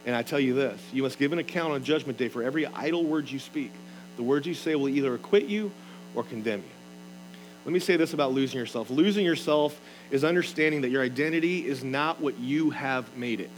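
A man's voice: medium pitch, a little fast, soft background music, low-quality recording. A man preaching a sermon in an earnest, emphatic way, reading scripture aloud and explaining it. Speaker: pastor.

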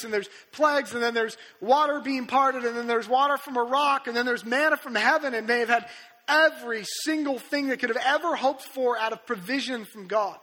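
A man's voice: very high-pitched, pushed and bright. A male pastor preaching a sermon, retelling scripture in a casual, conversational way with colloquial asides, in a church sanctuary. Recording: echoey hall reverb.

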